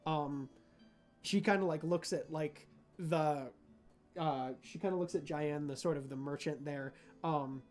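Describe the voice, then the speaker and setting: A man's voice: fairly high pitch, unhurried, darkish tone, faint music behind. A man narrating as game master in a tabletop game. His narration is loose and casual, full of fillers and restarts.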